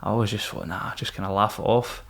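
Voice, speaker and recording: A man's voice: on the low side, little pitch movement, brisk. Swearing Scottish man telling war stories. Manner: frank, swears often, laughs things off. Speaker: podcast guest, former Royal Marine. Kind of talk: casual storytelling.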